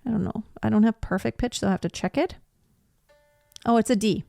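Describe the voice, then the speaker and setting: An enthusiastic woman who sings opera breaks down vocal technique in a relaxed, chatty way. Her voice sits at an ordinary middle pitch and is recorded close and dry. Faint music plays behind her. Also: fairly quick, gravelly, dry recording. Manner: enthusiastic, explanatory, sings short demonstration notes. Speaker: opera singer reacting to a performance. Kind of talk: casual reaction and vocal analysis.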